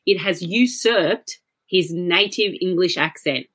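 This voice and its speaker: A woman's voice: lowish voice, slow, fairly bright tone. A woman with an Australian accent, a podcast guest telling stories in casual chat, full of fillers and restarts. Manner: chatty storyteller with frequent fillers and restarts. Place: at home.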